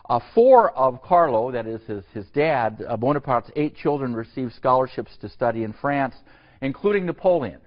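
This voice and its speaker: A man giving a university history lecture in a halting, digressive way, full of fillers and restarts. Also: mid-range voice, very animated. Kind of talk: classroom lecture. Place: lecture hall. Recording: dull lo-fi lecture recording.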